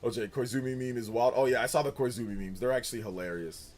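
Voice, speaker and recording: A young man hosts a casual livestream and talks in a loose, rambling way. He reads viewer comments aloud and answers them with animated chatter full of filler words. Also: medium pitch, fast, faint music behind. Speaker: streamer host.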